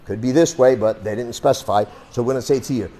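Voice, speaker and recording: Blunt, profane male self-defense instructor with a mid-pitched voice, demonstrating moves to a class. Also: fast, warm tone. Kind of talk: hands-on demonstration lesson.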